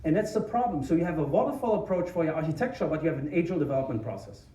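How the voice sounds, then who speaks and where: A man's voice: a little high, racing, distant mic. German-accented man speaking in an echoey hall. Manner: energetic, informal, self-deprecating, many restarts. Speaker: conference speaker. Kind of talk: tech conference talk. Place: conference hall. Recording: echoey hall, mic from afar.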